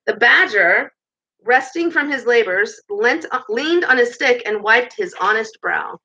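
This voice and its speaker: A woman reading a children's novel aloud in a lively way, with chatty asides, in a muffled recording. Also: on the high side, measured pace, slightly rough. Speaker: storybook reader.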